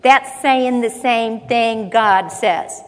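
A woman preaching a sermon, repeating phrases for emphasis and acting out low muttering. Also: extremely slow. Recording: long hall reverb.

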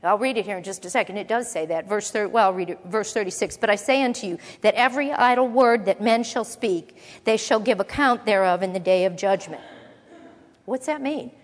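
A woman teaching a conversational Bible lesson, reading verses and explaining them with relaxed, playful asides. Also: mid-range voice, fairly quick. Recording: long reverb of a large hall.

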